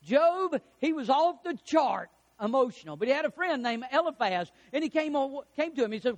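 A man's voice: very high voice, animated, moderate pace, few pauses. A man preaching a sermon as pastor, telling stories and acting out the lines of people in them. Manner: storytelling preacher, acts out quotes, chuckles at own jokes.

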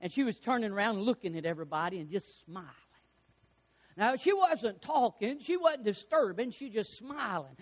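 High-voiced fervent preacher man. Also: expressive, moderate pace. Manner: fervent, rising to shouts on key lines; preaching with call-and-response questions to the congregation. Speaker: pastor. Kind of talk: sermon.

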